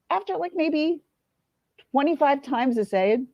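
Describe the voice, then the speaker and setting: A woman's voice: high voice, sing-song, slow, long pauses, dry recording, dull audio. A woman in her forties talking candidly to camera, teary at times and swearing freely. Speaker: vlogger. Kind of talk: emotional confessional talk to camera.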